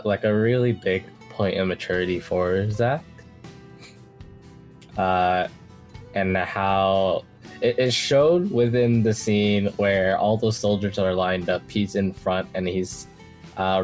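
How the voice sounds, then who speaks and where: A man's voice: low voice, a little mellow. A man co-hosting a casual fan discussion, talking in a laid-back, reflective way with some fillers. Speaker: podcast co-host.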